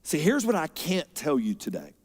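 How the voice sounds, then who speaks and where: A man preaching a sermon as pastor, expressive, moving between loud emphasis and quiet, unhurried stretches. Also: a little high, slightly rough. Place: church auditorium. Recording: long hall reverb.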